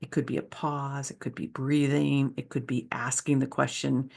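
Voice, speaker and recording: A woman's voice: very deep voice, moderate pace, vocal fry, few pauses, a little mellow. A woman who is a leadership speaker and author, giving an enthusiastic, conversational presentation with slides.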